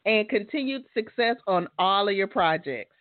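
A woman's voice: mid-range voice, animated, moderate pace, no room sound. A woman hosting a casual interview in a loose, friendly, conversational way. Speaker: host. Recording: dry phone-like sound.

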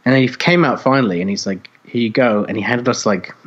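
A man co-hosting a podcast, telling a story in casual chat, animated and swearing freely as he acts out other people's voices. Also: medium pitch, fast talker, highs cut off. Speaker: podcast co-host.

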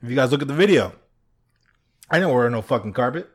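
A man's voice: mid-range voice, fast. A man co-hosting a podcast, telling stories in casual chat, acting out quotes, swearing and laughing often. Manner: animated storyteller who acts out quotes, swears, laughs often. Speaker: podcast co-host.

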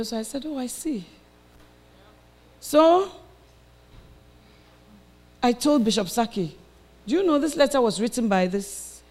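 A woman preacher telling a personal story in a sermon and acting out the voices of the people in it, then building to shouted exhortation. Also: medium pitch.

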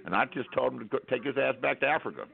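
Calling in to a talk radio program from the United States, a man rattles off a wry, rambling story with plenty of false starts. His mid-range voice is creaky and expressive, he talks rapid-fire, and the telephone audio sounds tinny.

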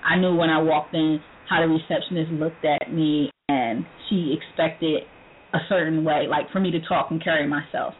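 A woman hosting a talk radio show, telling stories in a lively way, laughing often and acting out the people she quotes. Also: low-pitched, moderate pace. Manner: animated storytelling, laughs often, acts out quoted voices. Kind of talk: casual talk radio chat. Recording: phone-line radio with faint noise.

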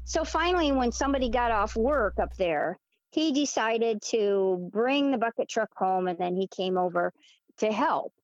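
A woman guest telling a personal story in a casual, animated way, laughing often and restarting with fillers. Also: on the high side, moderate pace, no room sound. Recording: dull lo-fi dry recording.

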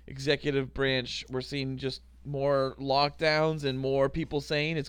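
A young man co-hosting a podcast, joking around and chiming in with quick remarks. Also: mid-range voice, monotone, clean tone, no room sound. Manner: joking, quick interjections, laughs often. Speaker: podcast co-host. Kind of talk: casual chat.

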